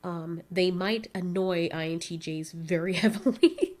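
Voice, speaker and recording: A young woman in casual chat, telling lively stories and acting out what people said, often breaking into laughs. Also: fairly low pitch, measured pace. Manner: animated storytelling, acts out quotes with laughs. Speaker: vlogger.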